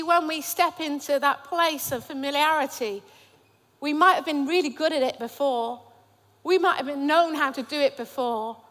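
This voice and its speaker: A woman's voice: very high voice, a bit bright, big-room sound. A woman pastor preaching a sermon in an emphatic, repetitive cadence. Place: church.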